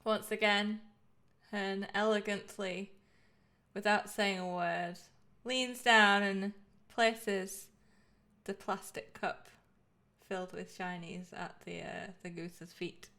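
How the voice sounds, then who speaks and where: A woman player slowly describing her heron character's actions in a tabletop game. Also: medium pitch, fairly even intonation, creaky, sharp tone.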